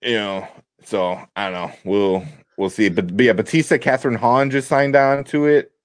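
A man's voice: fairly low pitch, steady tone, moderate pace, dry recording, clean studio sound. A man co-hosting a podcast, chatting loosely at a desk mic, swearing freely and laughing often. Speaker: podcast co-host. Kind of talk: casual chat.

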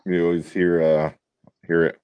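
A man's voice: low voice, little pitch movement, normal speed, a little mellow, clean tone, no echo. A man co-hosting a podcast, chatting loosely at a desk mic, swearing freely and laughing often. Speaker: podcast co-host. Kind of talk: casual chat.

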